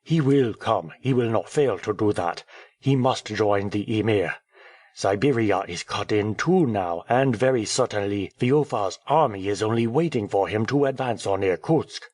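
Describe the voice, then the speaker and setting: A man reading an audiobook, voicing a cheerful, talkative male French journalist who speaks in a brisk, airy, teasing way. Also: lowish voice, a little mellow, no echo, clean studio sound, close to an everyday voice. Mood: breezy.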